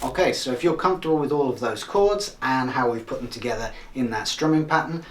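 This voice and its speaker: A man explaining strumming in a guitar lesson, steady and methodical, counting beats aloud. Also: medium pitch, brisk. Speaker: guitar teacher. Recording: guitar music loud behind. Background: guitar playing.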